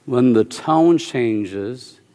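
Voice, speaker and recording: A man preaching a sermon in an animated, storytelling way, repeating short phrases for emphasis and bursting into loud shouts. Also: mid-range voice, drawn-out words. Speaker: pastor. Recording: long hall reverb.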